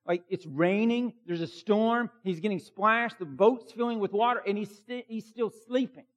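A man's voice: high voice, moderate pace, dull audio. A man preaching a sermon as a pastor, emphatic and conversational, with many fillers.

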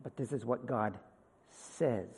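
A man preaching a sermon as pastor, earnest, swinging from loud emphasis to a hushed near-whisper. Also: medium pitch, slow, slightly rough. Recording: long hall reverb.

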